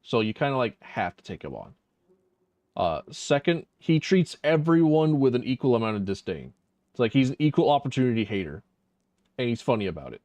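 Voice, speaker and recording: A man's voice: medium pitch, big pitch swings, fairly quick, darkish tone, no echo. A man streaming a video game, talking casually in a rambling, profane, self-mocking way. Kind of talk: casual gameplay commentary.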